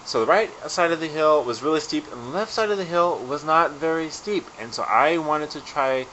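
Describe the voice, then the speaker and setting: A young adult man casually telling a self-deprecating story in a vlog, animated and chatty. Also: a little high, brisk, dull audio, a little hiss or hum. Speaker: vlogger.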